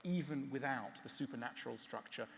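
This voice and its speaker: A man giving a public talk and answering questions, wry and animated, often stopping on fillers. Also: medium pitch, brisk, creaky, big-room sound. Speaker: speaker. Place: large hall.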